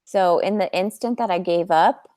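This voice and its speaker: This fertility coach has a fairly low, dark-toned voice and talks at an ordinary speed. Her storytelling to viewers is frank and conversational, full of "like"s. It's recorded in a clean studio with no room sound.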